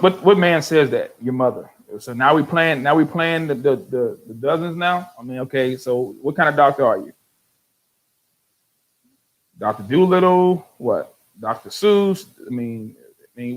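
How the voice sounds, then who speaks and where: An older man hosting a show, reading online comments aloud and answering them with exasperated sarcasm. He keeps repeating words in quick restarts. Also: a little high, low-quality recording. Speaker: host.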